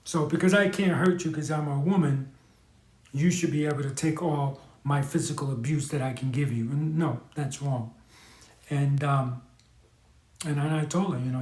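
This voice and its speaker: This New York man hosts a live stream, giving casual advice in a candid, earnest way full of fillers and restarts. His voice is a little high for a man and slightly mellow, at a normal speed. The room adds a clear echo.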